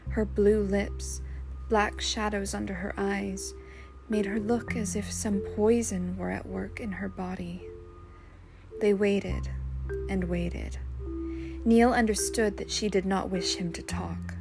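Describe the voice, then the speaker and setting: Slow, measured woman narrating. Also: medium pitch, steady tone, gravelly. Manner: measured, unhurried reading. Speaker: audiobook reader. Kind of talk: scripted narration. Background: music.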